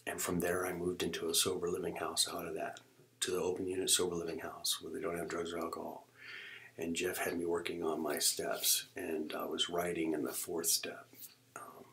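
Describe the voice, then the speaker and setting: Low-voiced middle aged guy telling his life story, dramatic, acts out the talk, keeps dropping to a whisper. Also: monotone, moderate pace, gravelly, fairly bright tone, a little hiss or hum. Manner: dramatic, acts out the dialogue and often drops to a whisper. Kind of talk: personal testimony.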